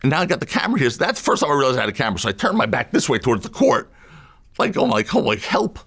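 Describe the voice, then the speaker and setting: A defense lawyer as an interview guest, telling a story in an animated, emphatic way and repeating phrases to drive a point home. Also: male voice, mid-range voice, very fast, husky.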